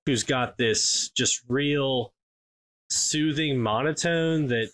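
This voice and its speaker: A podcast co-host chats casually, his mid-range, slightly bright voice moving at a slow pace. He rambles, filling his talk with lots of fillers and restarts.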